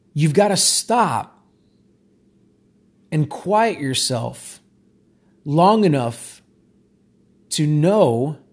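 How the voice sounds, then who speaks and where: Husky-voiced man giving emphatic pep talk. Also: fairly high pitch, darkish tone. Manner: emphatic, repetitive, conversational. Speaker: self-help speaker. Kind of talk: motivational monologue.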